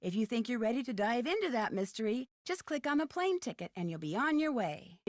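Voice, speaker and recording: A woman's voice: on the high side, sing-song, a little fast, no room sound, studio quality. A cheerful teen girl detective. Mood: friendly. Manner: cheerful, chatty, confiding. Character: young female teen detective, upbeat and friendly. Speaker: game character narrator. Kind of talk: 2000s game voice acting. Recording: faint background noise from game audio.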